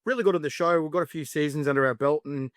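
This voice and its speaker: Talkative Australian guy, casual interview, bit high, dry recording. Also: racing, a bit bright, no room sound. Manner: chatty, storytelling, lots of fillers and acted quotes. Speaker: podcast guest, spicy food show creator.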